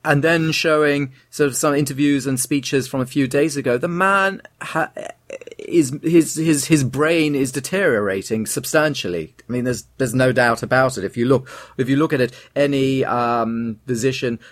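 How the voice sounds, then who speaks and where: A man's voice: mid-range voice, normal speed, no echo, clean studio sound. A man in casual podcast chat, explaining at length and often restarting his words. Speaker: podcast co-host.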